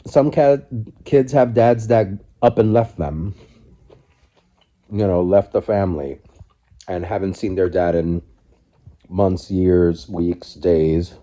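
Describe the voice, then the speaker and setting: A man's voice: sits low, takes it slowly, pauses often, warm tone. A man in his forties talking reflectively and candidly while eating on his living room couch, recorded on his phone. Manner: reflective, candid, speaks in loose restarts. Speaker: vlogger. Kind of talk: casual mukbang vlog.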